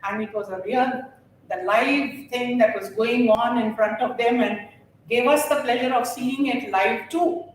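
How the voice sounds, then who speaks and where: An older woman, a retired geography teacher giving an animated, laughing speech to former students at a reunion. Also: a little high, measured pace, slight background noise. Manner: warm, animated storytelling with frequent laughter. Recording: very echoey room, voice far from mic.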